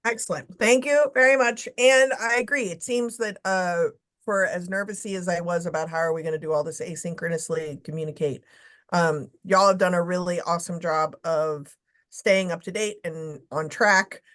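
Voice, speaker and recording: A woman chairing a committee meeting on a video call, brisk and casual, blunt, with the odd swear word. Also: lowish voice, steady tone, a bit bright.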